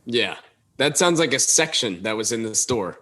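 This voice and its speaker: A man co-hosting a casual podcast, sitting at an everyday middle pitch. He is animated, breaking into quoted lines and laughing as he goes. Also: normal speed. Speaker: podcast co-host. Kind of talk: casual chat.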